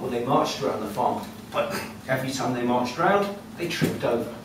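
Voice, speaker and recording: A man telling a folk tale live at a storytelling cafe, lively and conversational with asides to the audience. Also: medium pitch, fairly quick, distant mic. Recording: echoey room heard from afar with noise.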